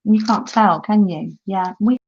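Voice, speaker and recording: A woman's voice: medium pitch, unhurried, a little mellow, muffled recording, a little hiss or hum. A middle-aged woman hosting a casual craft live stream, chatting and reading viewer comments aloud with frequent laughs. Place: holiday home, indoors at a craft table. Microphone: laptop mic.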